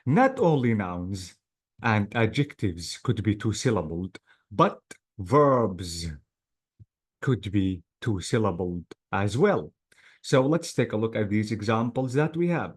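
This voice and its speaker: Guy teaching english online, slow and patient, going syllable by syllable. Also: lowish voice, sing-song, breathy edge. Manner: patient, drills words syllable by syllable. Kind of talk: online class lecture.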